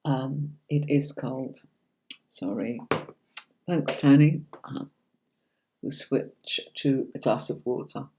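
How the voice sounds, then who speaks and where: A woman's voice: a bass voice, steady tone, slow, long pauses, noisy background. A middle-aged woman giving casual tarot readings on a livestream. She chats to viewers, reads out their comments and answers them by name, often calling them darling or sweetie. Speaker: tarot reader hosting a livestream.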